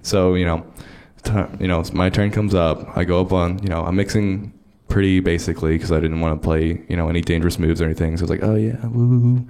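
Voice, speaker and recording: A man casually telling a self-mocking story on a panel, laughing often and getting animated. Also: deep voice, fast, hardly any pauses, smooth. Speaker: DJ on a convention panel.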